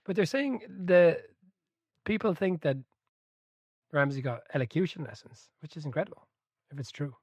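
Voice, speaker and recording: Animated man telling football stories. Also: fairly high pitch, moderate pace, long pauses, slightly rough, dry recording. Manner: animated storyteller, swears, laughs mid-sentence. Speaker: podcast co-host. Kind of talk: casual chat about a football book.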